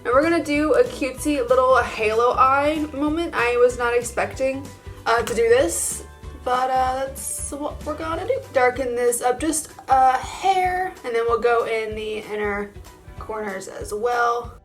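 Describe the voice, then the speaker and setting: A young woman beauty vlogger talks through her makeup in a casual, gushing way, filling her sentences with "like". Her voice sits a little high, with soft music playing faintly behind her. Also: steady tone, a little slow. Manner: chatty and gushing, full of "like" fillers. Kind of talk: casual get-ready-with-me makeup chat.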